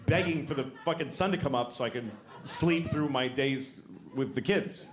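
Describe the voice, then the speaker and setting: A middle-aged stand-up comic rants profanely and in exasperation on a comedy stage, occasionally dropping to mumbled asides. His pitch is medium and his pace moderate. The recording has the reverb of a live venue along with audience noise.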